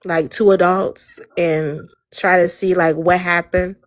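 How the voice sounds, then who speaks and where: A woman's voice: fairly low pitch, level tone, slow pace, dry recording. Woman host, blunt and teasing, casual live chat, dry close phone sound.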